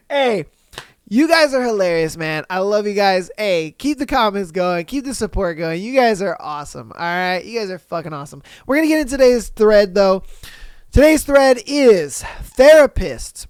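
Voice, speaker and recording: A man hosting a podcast, reading listener posts aloud in a casual, animated way, swearing and acting out his own reactions. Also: high-pitched, moderate pace, clean tone, no echo, studio quality. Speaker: podcast host.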